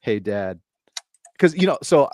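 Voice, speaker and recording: A man's voice: mid-range voice, very animated, a little slow, a little mellow. A man co-hosting a podcast, telling stories in an easygoing, casual way. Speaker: podcast co-host.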